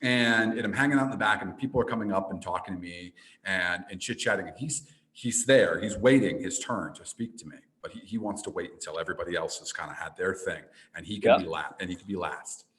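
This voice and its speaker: A man, an entrepreneur and speaker, telling a personal story as a podcast guest, with frequent restarts and animated delivery. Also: sits low, fast, few pauses, rough recording. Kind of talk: storytelling in a casual interview.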